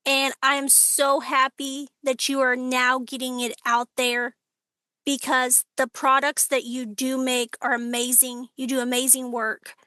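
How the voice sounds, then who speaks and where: A woman's voice: high voice, flat delivery, unhurried, bright, forceful tone, dry recording. A woman hosting a podcast interview, encouraging her guest. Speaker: podcast host. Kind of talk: supportive interview talk.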